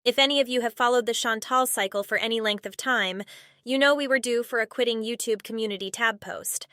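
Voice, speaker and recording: A woman narrating a commentary video with blunt sarcasm. Her voice sits a little high, and the voice-over is dry, close and clean. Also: brisk, pushed and bright, smooth, dry recording. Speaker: commentary YouTuber.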